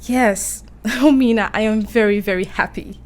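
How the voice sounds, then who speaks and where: A woman's voice: medium pitch, normal speed, lightly acted. A woman playing a romantic, emotional young English woman in a radio play, talking in a breathless, girlish way. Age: young adult.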